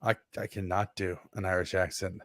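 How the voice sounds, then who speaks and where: A man's voice: low voice, flat delivery, normal speed, a bit bright, no room sound. Guy cohosting a podcast, goofy over-the-top jokes, dry close sound. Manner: playful, jokey exaggeration. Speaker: podcast co-host. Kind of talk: casual podcast chat.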